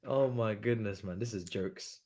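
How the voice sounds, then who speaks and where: A young man hosting a live football watchalong, talking in an excitable, slangy way, laughing often and swinging from loud outbursts to quiet asides. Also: fairly low pitch, gravelly. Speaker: livestream watchalong host.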